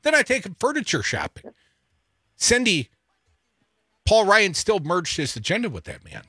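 A man's voice: high voice, huge pitch swings, moderate pace, sharp tone, husky, dry recording, clean studio sound. A man co-hosting a talk radio show, sarcastic and emphatic, taking calls and ranting about politics. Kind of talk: opinionated talk radio banter. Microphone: studio microphone.

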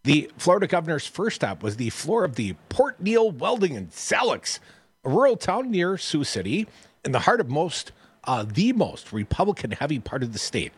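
A man's voice: a little high, big pitch swings, normal speed, slightly rough, dry recording. A man hosting a radio show, reading news stories and cutting in with sarcastic asides. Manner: sarcastic, wisecracking. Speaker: radio host.

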